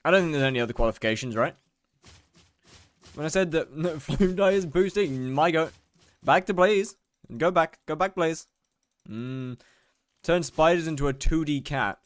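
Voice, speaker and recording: A man's voice: a little high, moderate pace, long pauses, no echo. A young British man chatting casually on a live stream while gaming, rambling and mocking himself as he reads out chat.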